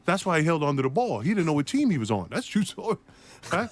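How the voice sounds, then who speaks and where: A former basketball player telling an animated story in an interview, laughing often and acting out the voices of the people in it. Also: male voice, sits high, fast talker.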